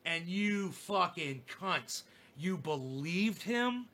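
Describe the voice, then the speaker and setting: A man's voice: high voice, lively intonation, takes it slowly, a bit bright. Angry, profane man ranting. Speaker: streamer. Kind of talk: ranting livestream monologue.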